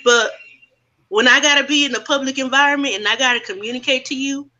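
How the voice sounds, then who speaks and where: A high-voiced woman speaks bluntly and with emphasis in a casual round-table chat. Her delivery is animated and wired, with a bright, sharp tone. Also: quick pace, rough recording. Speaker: co-host.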